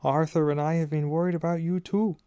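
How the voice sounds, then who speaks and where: A man's voice: a little high, fairly even intonation, a little fast, warm tone, clean tone, no room sound, clean studio sound, pitched above the performer's own voice, natural voice. A man voicing a stern middle-aged mother who scolds her sons and fusses over a guest, in an audiobook. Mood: motherly. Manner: scolding, then fussing tenderly. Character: stern, fussing middle-aged mother, loud when angry. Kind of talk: audiobook character voice.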